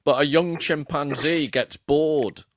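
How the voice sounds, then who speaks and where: A man's voice: a little high, slow, dry recording, clean studio sound. A man co-hosting a casual chat, teasing and wry in manner.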